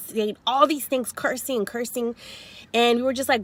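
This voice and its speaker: A woman telling a story in a chatty, animated, slangy way, sitting in her car. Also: fairly high pitch, fast. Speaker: vlogger. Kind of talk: story time vlog.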